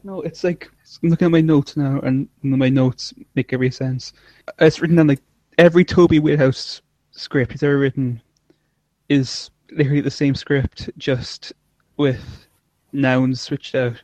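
A man's voice: medium pitch, steady tone, measured pace, warm tone, dry recording. A man co-hosting a casual chat, rambling and often trailing off mid-thought. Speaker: podcast co-host. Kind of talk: casual chat reviewing an episode.

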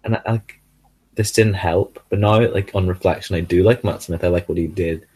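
A man co-hosting a casual chat about an episode, pausing to search for words. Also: low voice, fairly even intonation, darkish tone, slightly rough. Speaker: podcast co-host.

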